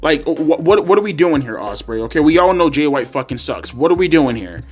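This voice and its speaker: A man's voice: a little high, very animated, brisk, faint music behind. A man ranting sarcastically and profanely about a wrestling show in a casual vlog. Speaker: wrestling commentary vlogger. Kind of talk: profane rant.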